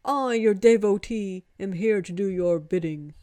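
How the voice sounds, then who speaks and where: A woman reading a storybook, voicing a booming, formal male monkey god who speaks with great reverence. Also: measured pace, dark tone, dry recording, clean studio sound, close to an everyday voice. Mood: booming devotion.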